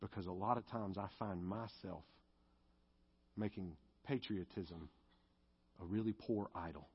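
A man's lowish, husky voice preaches with earnest, confessional weight, then climbs into fervent pleading as he prays. The audio is dull and muffled. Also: measured pace. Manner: earnest, confessional, rising to fervent pleas in prayer. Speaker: pastor. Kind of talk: sermon and closing prayer.

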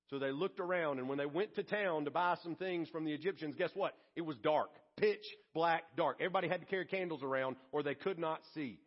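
Husky high-voiced preacher, lo-fi. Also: male voice. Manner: dramatic preaching, swings from hushed to emphatic. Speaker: pastor. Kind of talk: sermon.

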